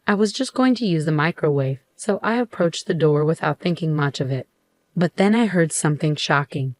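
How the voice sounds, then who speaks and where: A middle-aged woman telling a first-person story in a steady, measured way. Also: deep voice, no echo. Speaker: narrator.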